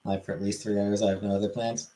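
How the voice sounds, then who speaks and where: A man's voice: fairly low pitch, little pitch movement, quick pace, dark tone, rough recording. A man on a live stream, casually answering questions from chat and swearing freely.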